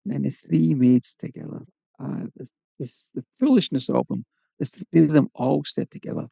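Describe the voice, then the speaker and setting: A man's voice: mid-range voice, normal speed, gravelly, slightly rough, no echo. A man telling a folk tale in a lilting, conversational way with folksy asides. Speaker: storyteller. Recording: dull lo-fi, dry.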